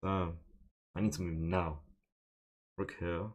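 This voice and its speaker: A young chess streamer with a low voice and level tone commentates slowly on his own online game, muttering his moves before bursting into loud, exasperated exclamations now and then. The highs are cut off in the recording.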